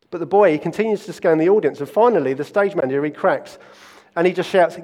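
A man preaching a sermon and storytelling with earnest conviction. His voice sits slightly high and often doubles back on phrases. A long church-hall reverb trails his words. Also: quick pace, darkish tone. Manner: earnest storytelling with frequent restarts. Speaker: pastor.

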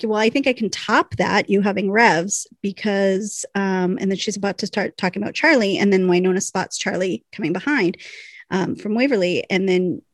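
A woman co-hosting a podcast, retelling a show episode with animated storytelling and acted-out lines. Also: mid-range voice, no room sound. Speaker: podcast co-host. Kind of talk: casual recap chat.

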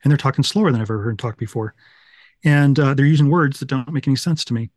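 A man's voice: mid-range voice, fast talker, darkish tone, dry recording, clean studio sound. Man telling his story, rambling and self-deprecating. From Utah, USA. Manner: rambling, self-deprecating, fond of 1980s references. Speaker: podcast guest telling his life story. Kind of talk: casual storytelling.

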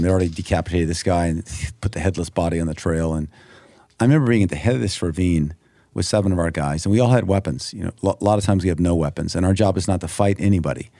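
A man's voice: low voice, gravelly, mellow, no echo. A man as an interview guest, telling a story vividly and emphatically, acting out the prayers he quotes.

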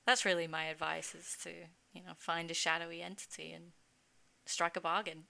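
Bright, chatty woman podcast guest. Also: on the low side, level tone, moderate pace, creaky, smooth. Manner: chatty, self-mocking, laughs often. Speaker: guest, game producer. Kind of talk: casual podcast chat.

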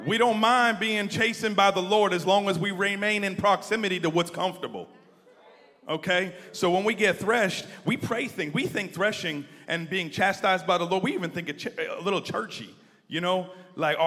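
A man preaching with fervor in a church hall, his slightly higher-than-usual voice ringing out with a long reverb. He swings from hushed asides to loud, emphatic calls and asks the congregation to repeat his words. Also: normal speed. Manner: building from quiet asides to near-shouted emphasis; leads the congregation in call-and-response. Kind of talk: sermon.

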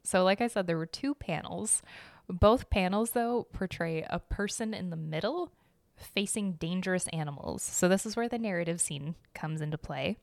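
A woman's voice: fairly low pitch, normal speed, vocal fry, darkish tone, dry recording. Giggly Midwestern woman hosting a podcast. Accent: Midwestern American. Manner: chatty, giggly, self-deprecating. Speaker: podcast host. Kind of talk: casual chat about art history.

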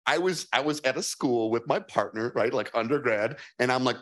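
A playful man with a Chicago accent fields questions at a live fireside chat, his pitch leaping around as he acts out the people he quotes. He sounds animated and quick to joke. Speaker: speaker answering audience questions.

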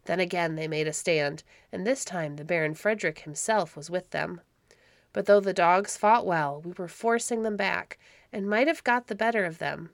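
A woman reading aloud, voicing a wounded, vengeful medieval baron with a rough, vehement manner. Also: fairly low pitch, no room sound.

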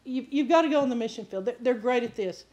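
A woman preacher giving a sermon full of animated stories, often laughing and acting out the voices of people she quotes. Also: fairly high pitch, quick pace, lo-fi sound. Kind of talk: sermon with storytelling.

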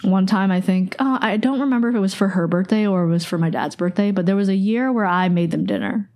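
A woman in her twenties hosts a podcast, speaking fast in a warm, mid-range voice. She recalls something personal in a casual, rambling way, saying "like" constantly.

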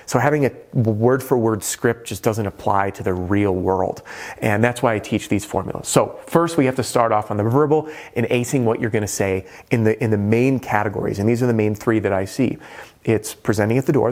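A man's voice: on the low side, darkish tone. A middle-aged man coaching on roofing sales, talking energetically and shifting his tone and pace to make his points. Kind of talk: coaching monologue to camera.

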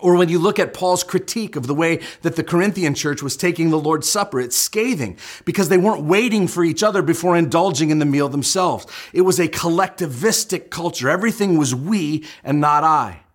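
Middle-aged preacher, higher-pitched. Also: male voice, fairly quick, hardly any pauses. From United States. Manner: explanatory, building emphasis on key points. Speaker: pastor. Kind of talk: sermon.

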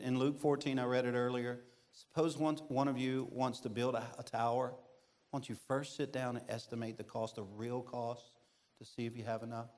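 A middle-aged man, preaching as a guest pastor in a church, shares funny personal stories with big swings in pitch and loudness. Even so, his delivery is flat, at a normal speed.

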